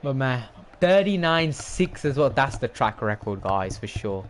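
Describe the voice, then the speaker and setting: A young man, commentating his racing game on a live stream, excitable and rambling as he talks to chat. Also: medium pitch, measured pace, slight background noise.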